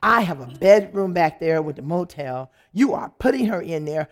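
A woman's voice: on the low side, lively intonation, moderate pace, natural voice. A woman putting on a bossy motherly lodge keeper. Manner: pushy, commanding, doting.

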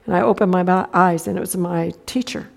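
A woman's voice: on the low side, steady tone, a little fast, vocal fry, soft background music. A middle-aged woman preaching a sermon, telling a personal story in a folksy way and acting out the other people's lines. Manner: folksy storytelling, acts out quotes.

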